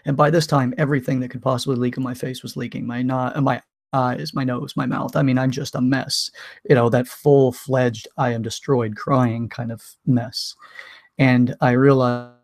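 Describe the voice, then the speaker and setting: A man candidly recounting a painful personal story in a vlog, emotional, with many restarts and pauses. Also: medium pitch, level tone, vocal fry. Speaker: vlogger.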